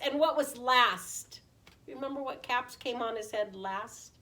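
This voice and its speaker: A woman preschool teacher reading a picture book aloud in an animated way, often asking the children questions. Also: fairly high pitch, a little slow. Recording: voice distant from the mic.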